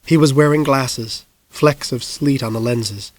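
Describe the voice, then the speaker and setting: A man narrating an audiobook in a hushed, suspenseful manner. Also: mid-range voice, unhurried, few pauses, no echo. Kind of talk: scripted narration.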